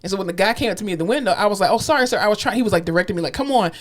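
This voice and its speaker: A woman's voice: mid-range voice, racing. A woman co-hosting a podcast, telling stories in casual chat, acting out other people's voices and swearing freely. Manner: animated storyteller, acts out voices, swears freely. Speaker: podcast co-host.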